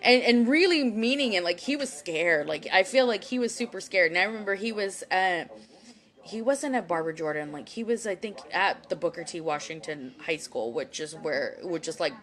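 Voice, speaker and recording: Her voice is lowish and slightly bright, moving at a normal pace, and it comes through a webcam or phone mic. The speaker, a young psychic reader and commentator from Houston, Texas, rambles through a casual, angry, profane live-stream monologue full of fillers and restarts.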